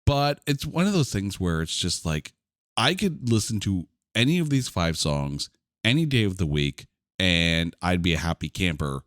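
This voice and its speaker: A man hosting a podcast in casual chat, enthusiastic and animated, with mild swearing. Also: low-pitched, dry recording, clean studio sound. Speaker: podcast host.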